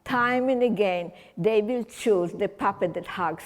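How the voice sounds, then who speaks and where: A woman's voice: mid-range voice, measured pace, big-room sound. An older woman from Transylvania giving a chatty, whimsical public talk to a community audience, rambling with restarts. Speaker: guest speaker. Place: large community hall.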